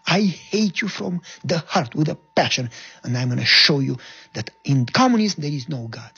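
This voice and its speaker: Bullying army captain, pitched high and yelling as a man acts him out. Lo-fi recording. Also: expressive, moderate pace, creaky, breathy edge, heavily acted. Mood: threatening. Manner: shouting threats, barking orders.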